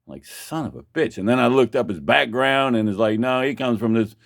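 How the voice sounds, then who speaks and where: Man telling his own story, profane and meandering, mid-pitched, dry close sound. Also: lively intonation, fairly quick, creaky, no room sound. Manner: profane, rambling, restarts a lot. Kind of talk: rambling personal storytelling.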